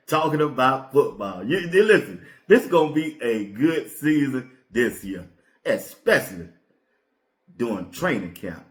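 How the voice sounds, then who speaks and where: Lively low-voiced sports host. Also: male voice, roomy sound. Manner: laid-back, slangy, repeats lines. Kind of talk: casual commentary.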